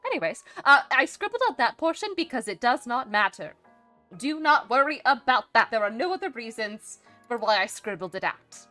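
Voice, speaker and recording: A woman streamer talks casually in character, rambling along with plenty of "uh"s and restarts. Her voice sits a little high and swings widely in pitch. A touch of dry, smug humor runs through it, with soft music faintly behind her. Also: big pitch swings, moderate pace. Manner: rambling, hesitant, many fillers and restarts. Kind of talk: casual live-stream chat.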